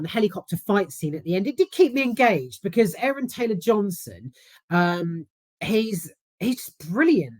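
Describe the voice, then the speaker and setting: A woman's voice: medium pitch, no room sound. A woman with a London accent, casually giving a candid, swear-filled film review. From South London. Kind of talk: casual chat.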